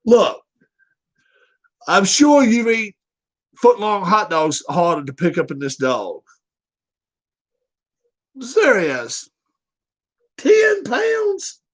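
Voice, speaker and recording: A man's voice: sits high, lively intonation, unhurried, pauses often. A man hosting a casual livestream, blunt, joking and profane. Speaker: livestream host.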